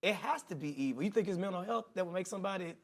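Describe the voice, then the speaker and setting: A man's voice: sits high, racing. Man with a Southern US accent, co-hosting. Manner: animated, laughing, drops voice for serious points. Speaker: co-host. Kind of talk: casual talk show chat.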